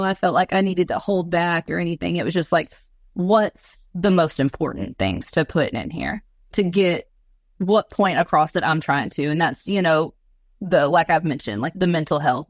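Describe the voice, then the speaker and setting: A woman guest in an interview, telling stories in a rambling, animated way with lots of filler words. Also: fairly low pitch, no echo. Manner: animated, rambling storyteller with many fillers and laughs. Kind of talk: casual storytelling interview.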